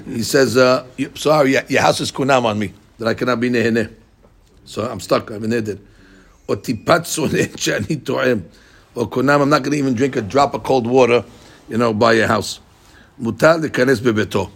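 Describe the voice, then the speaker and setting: Fast, gravelly man teaching a text class. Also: medium pitch. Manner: animated, acts out quoted speakers, repeats words.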